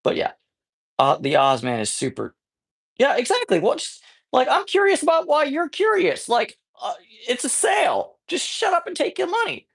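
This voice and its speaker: A man's voice: extremely high pitch, wildly swooping pitch, moderate pace, gravelly, fairly bright tone, low-quality recording. A man chatting casually on a livestream from his home, rambling playfully with many restarts. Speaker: streamer. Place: home with cats.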